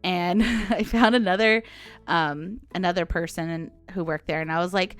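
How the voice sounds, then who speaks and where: A woman in her forties, telling a story on her podcast in a chatty, animated way and laughing often. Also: on the low side, normal speed, clean tone, no echo, soft background music. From United States. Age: 40s. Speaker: podcast host. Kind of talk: casual storytelling monologue.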